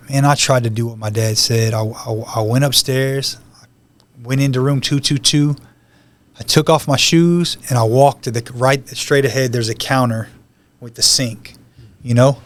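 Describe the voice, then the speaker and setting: A man with a mid-range voice appears as a podcast guest to share his personal testimony. He tells it conversationally, like a story, voicing the words of the people involved.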